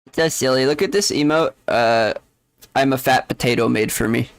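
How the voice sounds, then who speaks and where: A man streams a game and rambles along casually, chatting with his viewers and talking to chat. His mid-range voice is smooth but creaky, at a normal speed, and the recording is dry.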